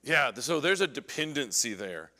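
A man teaching an adult Bible class, animated as he acts out scripture scenes and puts questions to the class. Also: medium pitch, normal speed, big-room sound.

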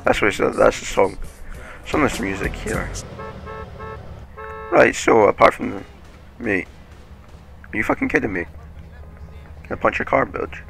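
A man giving casual, excitable game commentary, swearing often and laughing at his own play. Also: on the low side, a little slow, gravelly, pauses often, faint music behind. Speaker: gaming commentator.

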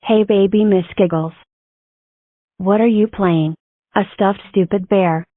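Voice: medium pitch, steady tone, a little slow, no room sound, narrow, tinny audio, close to an everyday voice. A fan doing a spiteful evil cartoon clone girl. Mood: taunting. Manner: taunting, rude.

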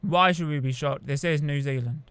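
Young man, casual gameplay chat, excitable, fairly high voice. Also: moderate pace. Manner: chatty, excitable, cheers on his team. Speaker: gamer playing a rugby video game.

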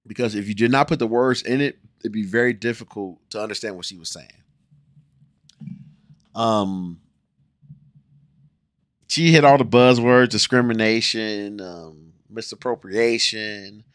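40 yr old ohio guy ranting casually at his cam, gets loud then mumbles, dry close sound. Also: on the low side, no room sound. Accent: American, Ohio. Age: 40s. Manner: animated, swings between loud exclamations and muttered asides. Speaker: YouTube host reacting to a music video. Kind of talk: casual reaction commentary.

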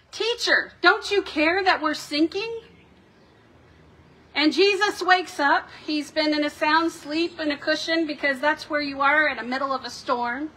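A woman pastor preaches in an unhurried, reflective style, lifting the questions of scripture with dramatic emphasis. Her voice sits high and bright. A faint hum of room ambience lies beneath her words. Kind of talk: sermon. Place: church sanctuary.

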